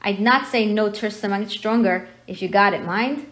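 A woman reading aloud and voicing a huge, gruff, jolly man with a rough rustic dialect and a quick temper, raised in pitch. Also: fairly bright tone, natural voice. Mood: jovial.

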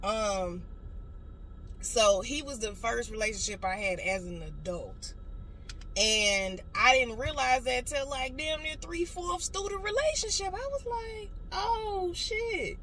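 A motivational speaker in her late twenties tells a blunt, profane story in a casual vlog filmed inside a car, with loud car noise behind her. Her fairly high voice is expressive and measured in pace, and the recording is low quality.

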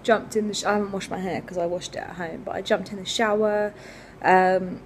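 A woman's voice: mid-range voice, fairly even intonation, a little fast, slight background noise. A young woman in her twenties, chatting casually to camera in a rambling travel vlog, with lots of fillers. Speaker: vlogger.

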